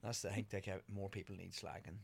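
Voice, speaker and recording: An easygoing young man with a Monaghan accent chatting as a guest. His voice sits a bit low, and he trails off and restarts as he talks. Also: flat delivery, fast talker, creaky, husky, no room sound. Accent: Irish, Monaghan. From Ireland, North Monaghan. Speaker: guest, personal trainer. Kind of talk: casual chat.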